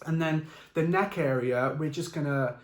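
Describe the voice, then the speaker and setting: A man who describes a painting as if it were a recipe, playful and excitable, with many fillers and restarts. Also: on the high side, normal speed, roomy sound. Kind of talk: improvised audio description.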